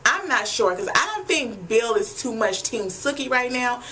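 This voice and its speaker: A woman's voice: fairly high pitch, lively intonation, normal speed, bright, forceful tone, slight background noise. A woman talking straight to her viewers in a casual recap vlog, blunt and chatty, swearing freely and calling them y'all. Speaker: TV episode recapper.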